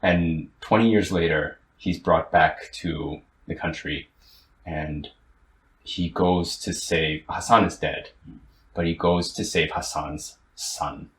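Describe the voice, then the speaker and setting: A young man co-hosting a podcast, retelling a story in casual chat with lots of restarts and fillers. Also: low voice. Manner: animated, halting storyteller with many restarts. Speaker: podcast co-host. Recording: roomy, with faint ambient noise.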